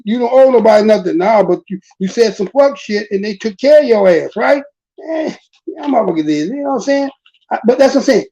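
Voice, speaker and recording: A woman's voice: a little high, rough recording. An American woman holds forth in a loose, profane commentary rant, stretching and repeating words to drive her point home. Her voice sits a little above the usual range for a woman. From United States. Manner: animated, profane, repeats and drawls key words. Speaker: commentary channel host. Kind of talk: casual ranting commentary.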